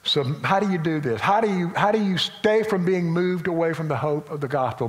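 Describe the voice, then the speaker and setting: A male pastor with a Southern US accent preaching a sermon in a folksy manner, moving between loud emphatic lines and quiet asides. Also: a little high, a little fast, hardly any pauses.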